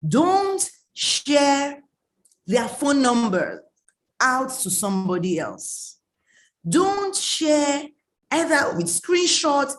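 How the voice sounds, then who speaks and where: A woman's voice: sits high, big pitch swings, drawn-out words. A woman, giving an emphatic online coaching talk, scolding and repeating her warnings. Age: late 30s. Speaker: mentoring coach.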